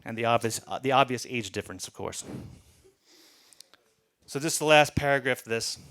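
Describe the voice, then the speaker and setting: Bright, rambling stand-up comedian, a man. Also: medium pitch, a little fast. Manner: rambling, profane, self-deprecating.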